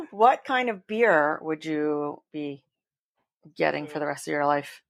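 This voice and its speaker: A woman's voice: low-pitched, slow pace. A woman co-hosting a podcast, playfully asking a guest questions in casual chat. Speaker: podcast co-host. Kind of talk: casual conversation.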